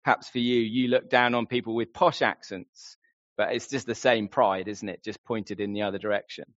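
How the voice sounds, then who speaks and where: A man's voice: lowish voice, fairly even intonation, moderate pace, fairly bright tone, no echo. A man preaching a sermon in an earnest way, often putting questions straight to his listeners. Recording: slightly dull lo-fi sound.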